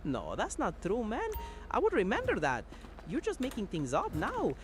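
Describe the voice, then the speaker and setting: A woman's voice: medium pitch, huge pitch swings, moderate pace, a little hiss or hum. A synthetic woman's voice playing a defiant young male suspect in a game, protesting his arrest. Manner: protesting, insistent, dismissive.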